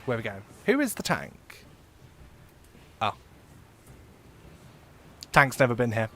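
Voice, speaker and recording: A man's voice: mid-range voice, big pitch swings, slow pace, pushed and bright, slight background noise. A man chatting casually while live-streaming a game, rambling and swearing freely.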